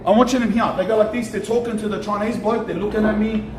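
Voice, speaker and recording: A young Australian man tells a story on a vlog outside a shop, animated and slangy, swearing and repeating himself. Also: sits high, fast talker. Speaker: streamer. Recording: echoey with faint ambient noise.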